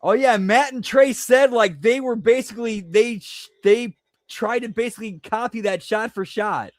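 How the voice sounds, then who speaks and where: A man's voice: extremely high pitch, normal speed, dry recording. A man hosting a casual stream chat, rambling and swearing, correcting himself as he goes. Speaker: stream host.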